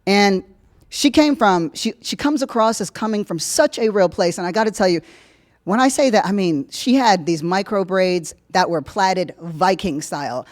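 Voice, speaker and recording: A woman hosting a podcast, giving casual political commentary in a jokey, profane way, swinging from loud emphasis to low asides. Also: lively intonation, moderate pace. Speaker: podcast host.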